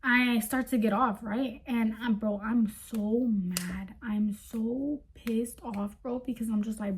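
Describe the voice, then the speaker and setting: A young adult woman telling a story in a casual vlog, animated and emphatic, full of slang fillers. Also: a little high, slow, hardly any pauses.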